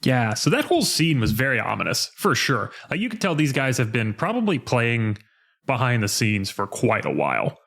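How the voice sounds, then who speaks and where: A man's voice: medium pitch, big pitch swings, moderate pace, creaky, fairly bright tone. A man co-hosting a podcast, talking about a video game in an easygoing way, hedging with lots of "like" and "kinda". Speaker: podcast co-host. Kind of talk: casual game discussion.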